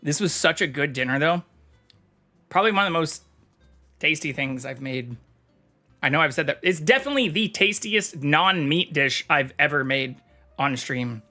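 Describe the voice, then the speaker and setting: A man's voice: on the high side, lively intonation, moderate pace, long pauses, pushed and bright, faint music behind. A man chatting casually on a live stream, reading chat aloud and swearing freely. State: talking with mouth full.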